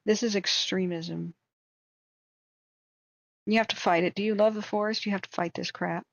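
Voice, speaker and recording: Hoarse lady on a fire-tracking stream, fed up and ranting, dry dull lo-fi mic sound. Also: mid-range voice, steady tone, normal speed, dry recording. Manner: angry, indignant, exasperated. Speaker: wildfire tracking livestream host. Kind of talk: ranting livestream commentary.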